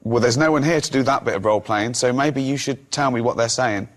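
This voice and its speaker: A man hosting a comedy talk show, teasing his guest in a casual chat. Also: medium pitch. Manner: teasing, quick to laugh. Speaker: comedy podcast host.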